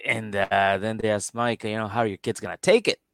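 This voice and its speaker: A man's voice: lowish voice, fairly even intonation, a little fast, no room sound, studio quality. A man co-hosting a casual podcast, retelling a story with lots of acted-out quotes and casual swearing. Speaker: podcast co-host. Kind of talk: casual chat, retelling a show.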